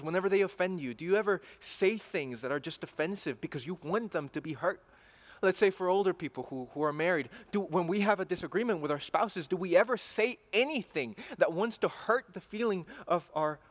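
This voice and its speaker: A man's voice: high-pitched, fairly quick, few pauses. A man preaching a sermon in an earnest way, repeating phrases and building to emphatic passion.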